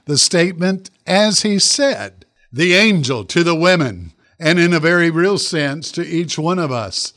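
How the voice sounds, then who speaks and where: A man preaching a sermon as pastor on a radio program, slowing down to stress key phrases. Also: fairly high pitch, fairly bright tone. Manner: slow, deliberate emphasis on key phrases.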